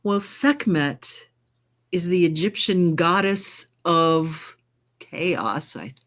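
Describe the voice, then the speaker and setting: An American woman who narrates audiobooks and trained as a singer, chatting in a casual interview and telling lively stories with frequent laughter. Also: lowish voice, drawn-out words. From United States. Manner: lively storyteller, laughs often; trained singer with controlled delivery.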